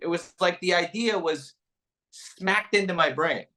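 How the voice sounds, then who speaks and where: A man's voice: high-pitched, a little slow. A male comedian casually telling a story, acting out what people said in different voices. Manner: animated, acts out quotes with voices. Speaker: comedian and podcast guest.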